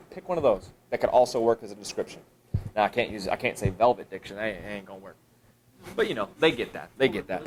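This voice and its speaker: Fairly quick and animated, a man leads teacher training in a high school room with an audience, captured by a camera with a little hiss or hum. He poses questions to himself, answers them while thinking aloud, and leaps up in pitch for emphasis.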